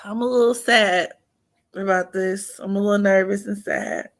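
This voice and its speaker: A woman's voice: mid-range voice, fairly even intonation, normal speed. A woman hosting an astrology livestream, chatting casually and teasing with frequent laughter. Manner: playful, teasing, laughs often, drops to near-whisper.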